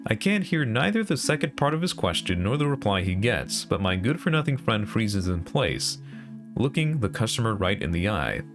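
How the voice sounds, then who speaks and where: A man with a low voice reads a story game aloud in the first person, rising and falling a great deal in pitch. His delivery is dry and sarcastic, and music plays behind him. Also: sing-song, normal speed. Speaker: VTuber narrating a story game.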